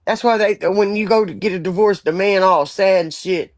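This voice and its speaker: A woman's voice: medium pitch, moderate pace. A woman in her forties chatting bluntly and profanely on a live stream. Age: 40s. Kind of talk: casual live stream chat.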